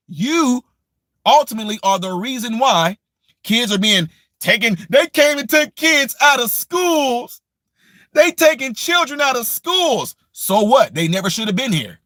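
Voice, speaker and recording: A man's voice: sits high, a bit bright, no echo, studio quality. A man delivering a combative, mocking political rant as a commentary vlogger from the United States, repeating his points with scorn. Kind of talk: ranting opinion monologue.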